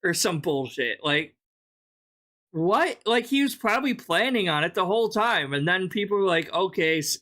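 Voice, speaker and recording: A reaction host talks over a clip in a casual, mid-pitched voice. The tone is exasperated and sarcastic, with plenty of swearing. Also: animated, normal speed, sharp tone.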